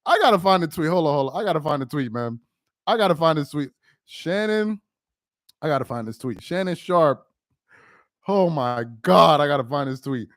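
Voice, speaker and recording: A man's voice: a little high, expressive, moderate pace, dry recording, studio quality. A man doing casual live-stream sports commentary, laughing often and trash-talking.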